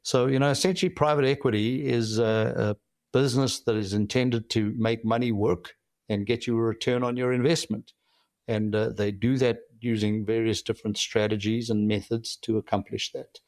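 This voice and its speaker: A middle-aged man with a South African accent answers interview questions in a measured, reflective way, pausing now and then to find his words. His voice sits at an ordinary pitch for a man. The recording is dry and close, with no room sound. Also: fairly even intonation, darkish tone, no room sound. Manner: measured and reflective, with frequent "uh" pauses. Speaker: guest, company founder and CEO.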